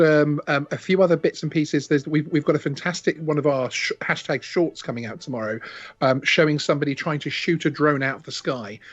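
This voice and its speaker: A British man chatting on a live stream about drones, jokey and excitable, with many stumbling restarts. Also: on the high side, no room sound. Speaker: drone channel guest. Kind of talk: casual live-stream chat. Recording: dull dry lo-fi stream audio.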